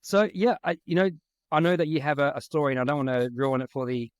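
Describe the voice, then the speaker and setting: A man's voice: a little high, fast talker, clean tone, no room sound. Friendly male podcast host, dry sound. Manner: encouraging, laughs easily. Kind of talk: casual interview.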